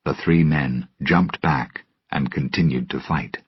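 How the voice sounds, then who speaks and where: A man narrating a storybook with a slow, careful reading manner, recorded dull and lo-fi. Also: rumbling low, slightly rough, no echo. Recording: dull lo-fi, dry.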